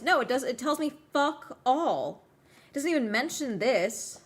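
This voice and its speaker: A woman's voice: high-pitched, animated, a little slow. A woman streamer in casual chat, ranting with exasperation and swearing, while she is sick.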